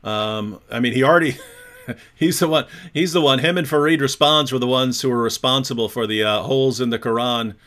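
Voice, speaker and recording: A man co-hosting a casual livestream chat. His tone is mocking and jokey, and he laughs often. His voice is bright and forceful at an average pitch. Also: a little fast. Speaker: co-host.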